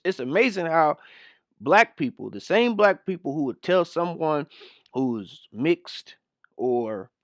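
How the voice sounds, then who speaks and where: A man's voice: fairly high pitch, dry recording, highs cut off. A man giving scornful reaction commentary on a video clip, mocking what he plays. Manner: scornful, mocking, mimics voices. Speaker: commentary host.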